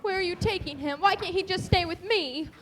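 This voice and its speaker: Teen girl playing Dorothy, very high and pleading. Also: fairly quick, a bit bright. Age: teens. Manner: pleading, earnest. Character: frightened young farm girl, earnest and pleading. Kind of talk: school stage play. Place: school auditorium stage.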